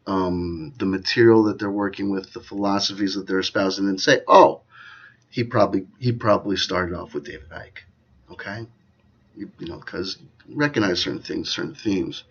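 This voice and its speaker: A man's voice: lowish voice, dull audio. A man hosting his own channel, talking in a loose, digressive way and constantly checking in with "you know" and "okay?". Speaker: channel host. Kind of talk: rambling commentary to camera.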